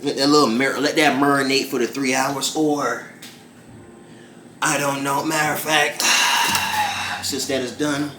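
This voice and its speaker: A man's voice: medium pitch, fairly even intonation, unhurried, background noise. A young man vlogging while he cooks in his home kitchen, rambling through a story with lots of "like" and "bruh" and plenty of swearing, recorded on the camera's own mic. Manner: rambling, profane, fillers like "like" and "bruh". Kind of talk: casual cooking vlog with storytelling. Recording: echoey kitchen room with music. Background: background music.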